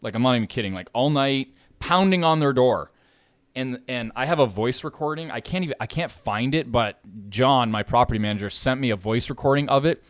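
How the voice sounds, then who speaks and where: Swearing, animated man telling a story. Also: mid-range voice, brisk, smooth, dry recording. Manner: animated storytelling, swears freely, gets louder when riled. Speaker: podcast host, landlord. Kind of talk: casual podcast chat.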